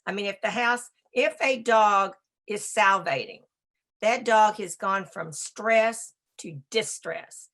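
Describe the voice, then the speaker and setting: A woman giving a presentation on dog behavior, talking in a brisk, emphatic and conversational way. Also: mid-range voice, a bit bright. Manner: talks to a slide assistant. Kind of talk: presentation lecture.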